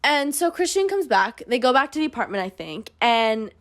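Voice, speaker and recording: A woman's voice: on the high side, very animated, normal speed, a bit bright. A woman hosting a book club, giving a casual, sarcastic recap of a novel with dry asides. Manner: sarcastic, dry asides, swings into mock character voices.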